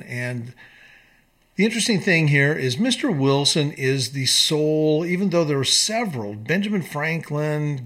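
A man's voice: mid-range voice, a bit bright. A man reading historical quotes aloud and commenting on them in an earnest, emphatic way, with slips and restarts. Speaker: commentator on founding documents.

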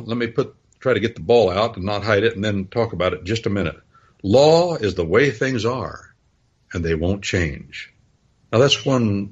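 Husky man giving folksy Bible teaching. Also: fairly low pitch, dull audio. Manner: rambling storytelling with spelled-out words. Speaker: preacher.

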